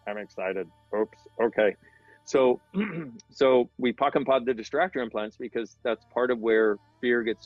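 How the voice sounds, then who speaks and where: A middle-aged man appears as an interview guest, explaining things casually, earnestly and ramblingly with self-deprecating asides in a mid-range voice. The sound is dull with faint background music and no room sound.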